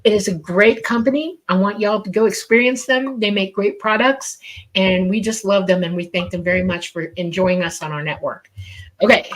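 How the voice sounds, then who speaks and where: A female co-host chatting on a live stream, talkative and emphatic. She often restarts her sentences and speaks at an ordinary pitch for a woman. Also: moderate pace. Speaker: podcast co-host. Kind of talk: casual chat and sponsor thanks.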